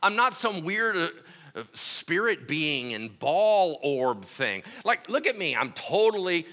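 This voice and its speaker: A preacher acting out a calm, reassuring risen man. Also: a little high, takes it slowly, exaggerated voice. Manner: casual, modern-slang retelling.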